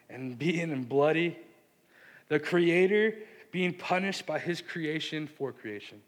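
A man preaching a sermon, earnest and impassioned, with a hushed delivery that builds into fervor. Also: mid-range voice. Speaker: pastor. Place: church sanctuary. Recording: long reverb of a large hall.

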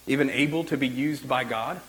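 A man's voice: medium pitch, a little fast, fairly bright tone, low-quality recording. A male pastor giving a sermon in a loose, conversational way, often saying "like" and restarting his sentences. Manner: conversational preaching with frequent "like" and restarts.

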